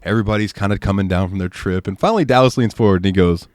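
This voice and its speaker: A man's voice: low-pitched, expressive, fast talker, no room sound, studio quality. A young man co-hosting a podcast, telling a rowdy story in casual chat, laughing often and mimicking his friends. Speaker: podcast co-host.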